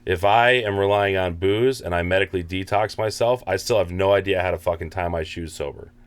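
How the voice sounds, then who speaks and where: A man's voice: sits low, brisk, smooth. A man co-hosting a podcast, bluntly arguing about recovery, swearing and mimicking his own past thinking. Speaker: podcast co-host. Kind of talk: casual recovery talk.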